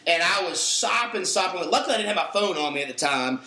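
A man's voice: sits high, expressive, quick pace, sharp tone, echoey room, poor audio. A young man hosting a podcast, telling a rambling story with restarts in casual chat. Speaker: podcast host.

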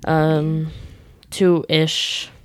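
Upbeat woman podcast host, lowish voice, dry close sound, teasing. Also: little pitch movement, extremely slow, no room sound. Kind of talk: casual podcast chat.

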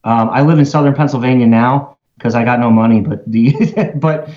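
A man's voice: mid-range voice, moderate pace, a little mellow. Brief: Baltimore man, podcast host, loose rambling comedic chat, slightly muffled lo-fi audio. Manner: rambling, jokey, many fillers.

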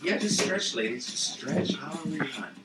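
A man's voice: fairly high pitch, big pitch swings, normal speed, pushed and bright, faint music behind. A man hosting a podcast, chatting casually and laughing, with loose swearing. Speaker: podcast host. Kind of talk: casual chat. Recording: echoey room.

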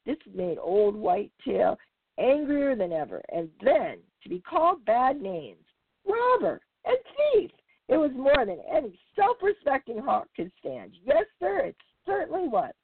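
Raspy woman reading a children's story aloud. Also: fairly high pitch, a little slow, no echo. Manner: lively, expressive storyteller. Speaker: podcast host reading aloud. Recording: dry, tinny phone-like sound.

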